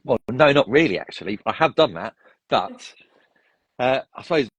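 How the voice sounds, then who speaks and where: A man's voice: medium pitch, animated, moderate pace, husky, dry recording. A man telling his life story as an interview guest, rambling with restarts and tangents. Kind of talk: casual storytelling.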